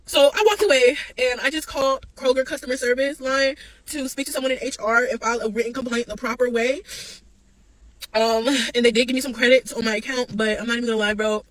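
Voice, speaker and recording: A woman's voice: sits high, steady tone, quick pace, fairly bright tone, low-quality recording. A woman, telling a storytime vlog in a run of emotional, profane venting.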